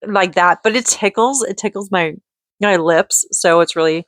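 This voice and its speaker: A woman's voice: on the low side, no echo. Giggly rambling woman, dry close sound. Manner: chatty, giggly, quick to go off on tangents. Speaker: vlogger and mother. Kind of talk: casual rambling rant.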